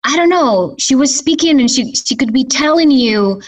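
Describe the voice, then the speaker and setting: A woman's voice: high voice, animated, normal speed, recorded from a distance, low-quality recording. A woman whose first language is Spanish, chatting as an interview guest in English, full of fillers. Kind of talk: casual conversational interview.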